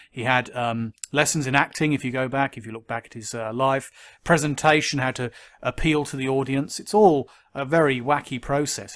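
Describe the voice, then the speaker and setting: A man giving skeptical commentary, measured and critical, with frequent ums and uhs. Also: mid-range voice, a bit bright. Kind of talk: argumentative commentary to camera.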